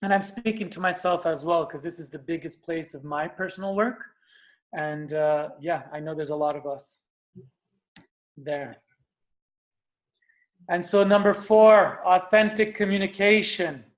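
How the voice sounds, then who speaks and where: A man giving an earnest, animated motivational talk as a spiritual teacher, sometimes acting out what he describes. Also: a little high, a little slow, long pauses. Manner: earnest, animated, acts out screams and stomps.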